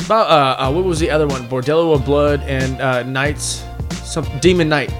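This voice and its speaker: A man in his thirties co-hosts a podcast and tells animated, rambling stories full of restarts. His voice sits a little high. Faint music plays behind him. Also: moderate pace. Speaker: podcast co-host. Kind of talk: casual profane banter.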